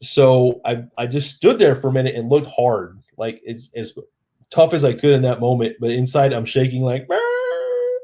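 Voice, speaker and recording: A man's voice: mid-range voice, steady tone, normal speed, warm tone. Rambling man telling a story on a live stream. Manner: rambling, self-deprecating, acts out quoted lines.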